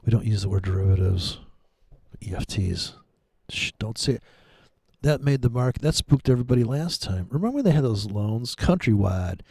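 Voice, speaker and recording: A man's voice: on the low side, animated, normal speed, creaky, a little mellow, breathy edge, no room sound. A man giving rambling, sarcastic, profane commentary while trading live. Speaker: day trader streaming live.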